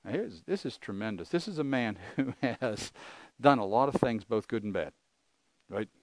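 A man's voice: mid-range voice, animated, normal speed, no echo. An older man preaching a sermon, earnest and conversational, asking his listeners rhetorical questions. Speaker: pastor.

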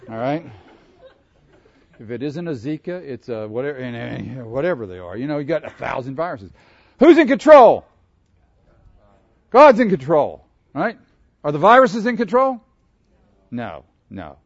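A man's voice: mid-range voice, no room sound, lo-fi sound. A man preaching a sermon, asking his congregation questions and laughing between his points. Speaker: pastor. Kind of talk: interactive sermon.

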